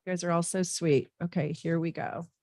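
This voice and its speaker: Her delivery is brisk and flat, her pitch fairly low: a middle-aged astrologer and tarot reader hosting a casual live reading from home. She keeps up a chatty stream of warm asides and frequent fillers for her viewers, recorded at studio quality with no echo.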